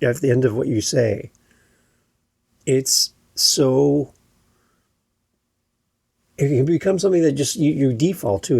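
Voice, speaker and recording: Male podcast host, husky and gravelly, casual teaching tone, demonstrates vocal inflections. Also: darkish tone, no echo. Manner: demonstrates pitch patterns, sings short syllables. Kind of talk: casual instructional podcast talk.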